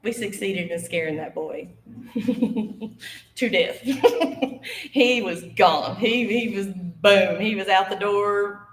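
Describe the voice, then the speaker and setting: Speaking slowly with long pauses, this medium-pitched woman in her 50s performs a ghost story for a live studio audience. She's lively, voices the quoted characters, and laughs a lot. There's slight background noise, and the room echoes.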